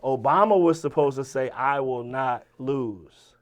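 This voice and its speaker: A man with a Virginia accent, a rapper telling stories as an interview guest in a casual, animated way, swearing and acting out the people he quotes. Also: mid-range voice, measured pace. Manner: animated, profane, quotes people in lively voices. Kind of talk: casual storytelling.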